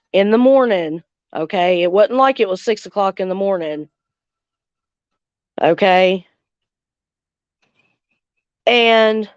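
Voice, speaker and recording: A woman talks to her livestream viewers, blunt and furious and swearing freely. Her voice is smooth and clear, with a dry, close sound. The recording is slightly dull and lo-fi. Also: medium pitch, no echo. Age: 40s. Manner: angry, blunt, heavy swearing, reads out viewer comments. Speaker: livestream host. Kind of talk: casual livestream chat with viewers.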